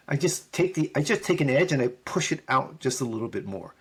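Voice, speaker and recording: A man's voice: mid-range voice, big pitch swings, fairly quick, few pauses, a bit bright, slightly rough. A middle-aged man, a podcast guest, telling a story in conversation and acting out both sides of the dialogue.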